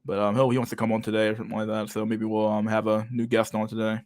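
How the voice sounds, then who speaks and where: A man's voice: lowish voice, completely flat delivery, quick pace, darkish tone, no room sound, studio quality. A young man hosting a casual livestream chat, talking with a lisp and a stutter and many fillers as he reads out chat messages. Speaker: livestream host reading chat.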